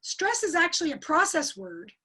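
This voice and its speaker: Brief: high-pitched woman coach, lively and quizzing, over a webcam call. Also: normal speed. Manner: energetic, asks the audience questions and repeats key words. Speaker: speaker at an online coaching forum. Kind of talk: interactive webinar teaching.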